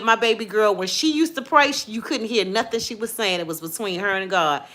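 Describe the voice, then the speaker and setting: Bright-voiced preachy woman host. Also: medium pitch. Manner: lively, preachy, praising God between chatter. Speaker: live-stream host. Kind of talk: casual chat with viewers and callers.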